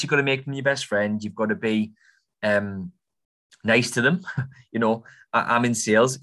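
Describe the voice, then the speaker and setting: Blunt young Englishman, lowish voice. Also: a bit bright. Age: young adult. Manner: blunt, cheeky, informal. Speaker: podcast host, property investor. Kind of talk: casual advice monologue.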